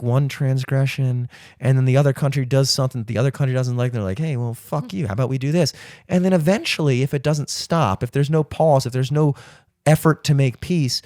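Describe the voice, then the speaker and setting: A man rambling and swearing through a casual podcast chat, his voice sitting a little high for a man. The sound is dry and close. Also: darkish tone, no room sound. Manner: profane, rambling ranting. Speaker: podcast guest, singer.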